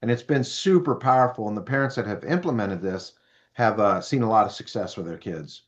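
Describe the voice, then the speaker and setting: A business speaker in his fifties, appearing as an interview guest, tells animated stories and acts out the voices of people he quotes. His voice is lowish and a little fast, and the audio has its highs cut off.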